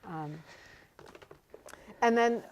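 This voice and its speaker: A woman's voice: mid-range voice, drawn-out words, slight background noise. A woman from Vermont chatting casually on a local talk show about cookbooks, with lots of fillers and restarts. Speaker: bookstore guest showing cookbooks. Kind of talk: casual chat. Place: local community TV studio.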